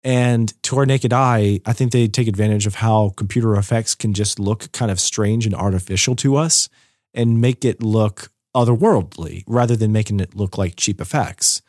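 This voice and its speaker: A man's voice: fairly low pitch, moderate pace, a little mellow, no echo, studio quality. A man co-hosting a casual show review chat, explaining his views at length with a lot of "so" and "you know".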